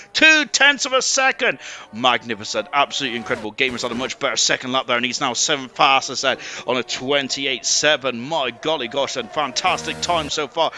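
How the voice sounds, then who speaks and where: A man giving rambling, chatty live commentary on an online racing league, full of quaint exclamations. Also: medium pitch. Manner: rambling, chatty, quaint exclamations, rising excitement on fast laps. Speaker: esports race commentator.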